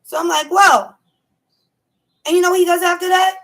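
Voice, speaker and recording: A woman telling a story to camera in a casual rant, emphatic and animated, acting out her own shouts. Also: very high voice, racing, vocal fry. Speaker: vlogger.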